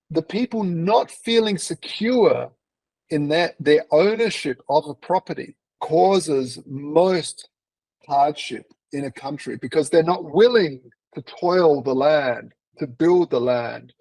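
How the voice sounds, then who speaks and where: Gravelly, husky male host. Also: fairly high pitch, darkish tone, no room sound, poor audio. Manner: rambling storyteller with fillers and restarts. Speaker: interview host. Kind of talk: casual interview chat.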